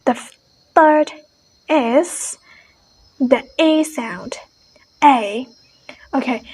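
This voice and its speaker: A woman teaching an English pronunciation lesson, explaining each point in a measured way and repeating every example word twice. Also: high voice, a little mellow, low-quality recording.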